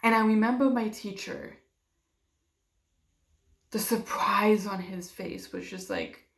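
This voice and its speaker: A woman's voice: mid-range voice, takes it slowly, gravelly. A young woman telling a personal story in a vlog, emotional and acting out what others said to her. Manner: emotional, acts out quoted dialogue, many fillers. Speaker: vlogger. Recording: roomy echo.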